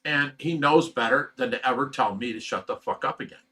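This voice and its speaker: A man telling a rough, profane story in casual chat as a host. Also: mid-range voice, brisk, bright, forceful tone. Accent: Ohio. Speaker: fish rescue host.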